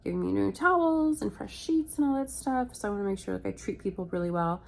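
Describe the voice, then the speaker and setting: A woman's voice: medium pitch, lively intonation, fast talker, vocal fry, a little mellow. A young woman, sick with a virus, telling stories in a casual vlog from bed, chatty and swearing, quoting people as she goes. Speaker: vlogger. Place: hotel room, in bed.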